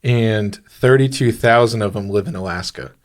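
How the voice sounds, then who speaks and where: A man's voice: on the low side, moderate pace. A man co-hosting a podcast in a studio, chatting casually, rambling and trailing off while laughing at his own jokes. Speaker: podcast co-host. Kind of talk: casual chat.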